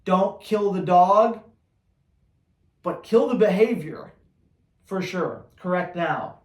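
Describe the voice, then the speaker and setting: A man who trains dogs, answering viewer questions on a live Q&A in a blunt, energetic, slangy way. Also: sits high, slow pace, reverberant. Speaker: dog trainer.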